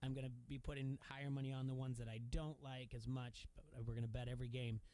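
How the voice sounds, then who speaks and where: A male sports radio host telling a long personal story to his listeners. He talks in a loose, casual way, stopping and restarting often and filling gaps with "um" and "you know." His voice sits at an ordinary middle pitch. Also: level tone, fast, mellow. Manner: rambling storytelling, many fillers and restarts.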